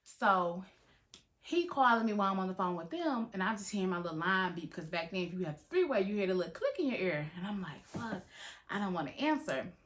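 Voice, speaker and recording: A woman's voice: mid-range voice, a little fast. A woman telling a dramatic story from her own past in a casual storytime style, full of swearing and big reactions. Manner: animated, dramatic, heavy swearing. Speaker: storytime vlogger.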